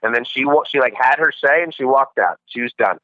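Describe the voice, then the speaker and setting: A man calling into a podcast as a guest, telling dating-show stories in a casual, animated way. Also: mid-range voice, fairly quick, a little hiss or hum. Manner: storytelling, animated retelling. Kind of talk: casual chat by phone. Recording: dull lo-fi call-in line.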